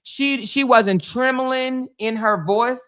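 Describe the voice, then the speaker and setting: A middle-aged woman hosting a casual livestream, chatting to viewers and telling stories in a lively, animated way. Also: a little high, slow pace, clean tone. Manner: animated storytelling, reads viewer comments aloud. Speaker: livestream host.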